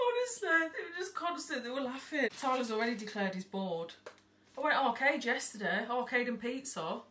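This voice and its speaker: Bright-voiced chatty woman. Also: on the high side, expressive, normal speed. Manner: rambling, chatty, swears freely. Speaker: vlogger. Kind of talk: casual haul vlog chat. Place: at home by an open window. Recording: distant mic, faint background noise.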